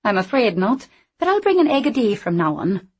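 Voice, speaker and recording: A woman's voice: medium pitch, sing-song, brisk, breathy edge, pitched above the performer's own voice. A woman doing a cheeky young Scotswoman. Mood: teasing. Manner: bright, teasing, sing-song. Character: lively, cheeky young Scottish woman, playful.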